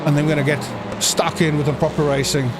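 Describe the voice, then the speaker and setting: A man giving jokey, excitable live commentary on a sim race, breaking into shouts at crashes. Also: fairly high pitch, quick pace, noisy background.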